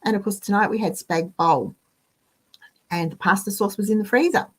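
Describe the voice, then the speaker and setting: A woman's voice: medium pitch, normal speed. An Australian woman hosting a casual chat, telling rambling everyday stories with asides to the listener. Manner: chatty, rambling storytelling with asides. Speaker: host.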